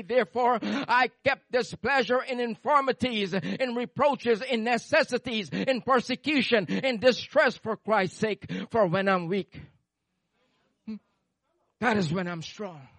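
A man preaching a sermon into a handheld microphone, moving between fervent shouted praise and hushed storytelling. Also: sits high, dry recording.

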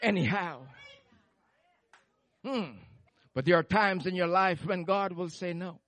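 Man, preacher, fervent sermon, high voice, dry close sound, handheld mic. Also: slow, no room sound, a faint crowd. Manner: fervent, swings from shouting praise to hushed storytelling. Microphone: handheld microphone.

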